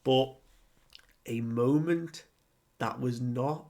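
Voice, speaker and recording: A man's voice: medium pitch, drawn-out words, darkish tone. A young man chatting casually through a comic chapter recap, full of fillers and acted-out quotes. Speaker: anime and manga reviewer.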